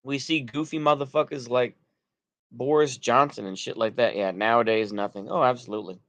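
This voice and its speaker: In a dry recording, a U.S. streamer with a Texan accent talks briskly in a mid-range, fairly bright voice with fairly even intonation. He comes across as somewhat drunk, rambling as he reacts to chat, his sentences restarting and trailing away.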